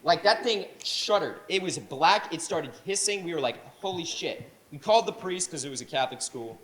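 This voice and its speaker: Animated young male stand-up comic. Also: a little high, a little fast. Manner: animated storytelling, rambling asides. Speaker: stand-up comedian. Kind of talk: stand-up set. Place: comedy showcase stage. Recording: roomy echo, faint noise.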